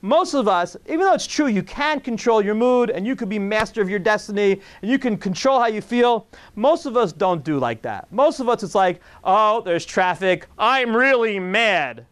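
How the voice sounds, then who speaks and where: A man, a rabbi, giving a jokey, animated talk to an audience, acting out little scenes and asking the room questions. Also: high voice, brisk, few pauses. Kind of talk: lively lecture to an audience.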